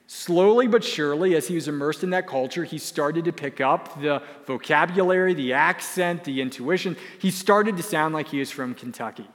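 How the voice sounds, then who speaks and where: A man's voice: on the high side, normal speed, few pauses, a bit bright. A young man preaching a sermon as pastor, earnest and emphatic, repeating key phrases. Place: church sanctuary. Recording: long hall reverb.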